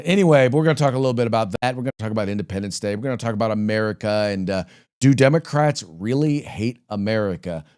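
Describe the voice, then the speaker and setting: A man hosts a casual political talk show in a fairly low voice. He rambles in a folksy way, full of fillers and restarts. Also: darkish tone. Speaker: podcast host.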